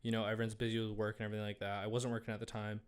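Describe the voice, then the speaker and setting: A young man co-hosts a casual podcast, asking questions and cheerfully affirming his friend. His voice is lowish and clean, and he races along in a completely flat delivery.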